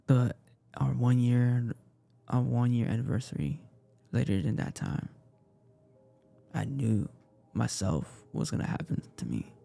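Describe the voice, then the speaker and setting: Young guy, gravelly warm voice, telling an emotional story all halting and repetitive. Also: medium pitch, animated, soft background music. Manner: emotional, halting retelling with many repeats. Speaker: casting participant. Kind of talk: personal storytelling.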